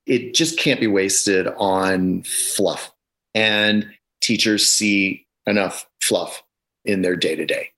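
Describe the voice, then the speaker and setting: A middle-aged man talks over a video call with a somewhat low voice. He makes his points with emphasis and explains at length, like a consultant walking through his evidence. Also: fairly bright tone, poor audio. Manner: emphatic, data-focused, explanatory. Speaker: education consultant, podcast guest.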